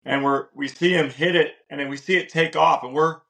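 Excited man recalling a moment. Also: a little high, brisk, creaky. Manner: excited, quotes his own reactions. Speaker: podcast co-host. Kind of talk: casual storytelling.

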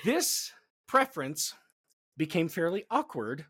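A man's voice: fairly high pitch, takes it slowly, breathy edge, no echo, studio quality. A man as a podcast guest, telling history in a casual, jokey way. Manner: animated, jokey storyteller.

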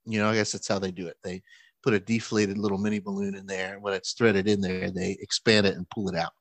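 Man telling an animated family story. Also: sits low, quick pace, dry recording. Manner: animated, acts out quoted voices with laughs. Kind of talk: casual storytelling chat.

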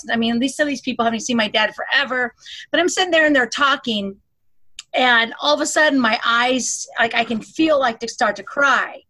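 Bright, animated woman telling a story. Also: a little high, a little fast. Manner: animated storytelling, bursts into loud mock scolding. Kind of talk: casual conversation.

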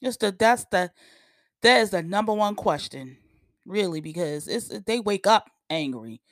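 Woman, blunt profane rant, animated, dry close sound. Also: medium pitch, a little slow, no echo. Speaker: podcast host. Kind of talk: casual opinion rant.

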